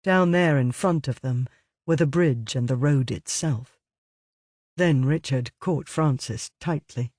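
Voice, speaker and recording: A man reading an audiobook in a measured, even way. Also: mid-range voice, no echo, studio quality. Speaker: audiobook narrator. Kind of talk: scripted narration.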